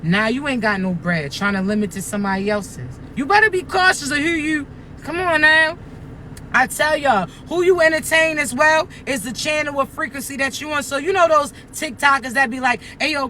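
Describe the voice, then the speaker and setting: A man's voice: very high voice, a little fast, few pauses, pushed and bright, a little hiss or hum. A man giving a spiritual monologue to viewers, emphatic and streetwise, firing rhetorical questions. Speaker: spiritual content creator.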